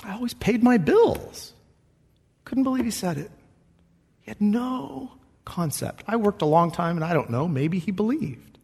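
A man preaches with earnest, conversational warmth, acting out the voices of the people he quotes. His voice sits a little high and breathy-husky, rising and falling with wide swings. Long reverb trails behind him from a large hall. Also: animated, moderate pace. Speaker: pastor. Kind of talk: sermon.

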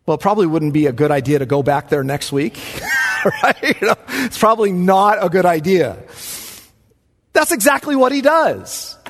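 A male pastor delivers a lively sermon in a high, very expressive voice that swoops up and down. He talks like he's chatting with the congregation, then pushes hard on key lines. His voice rings out with a long echo through a large hall. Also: normal speed. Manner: animated, conversational preaching with bursts of emphasis. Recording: echoey hall with long reverb.

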